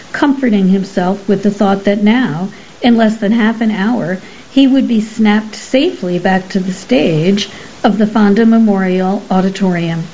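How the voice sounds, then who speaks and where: A woman reads a novel aloud at a slow, measured pace. Her voice is mellow and even. The recording is slightly dull with a faint hiss underneath. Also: medium pitch. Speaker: narrator. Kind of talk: audiobook narration.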